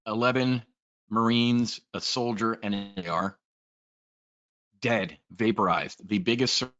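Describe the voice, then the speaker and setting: A man's voice: on the low side, steady tone, unhurried, fairly bright tone, lo-fi sound. A man giving a casual, blunt and profane trade briefing, talking in a rambling way as a trading educator.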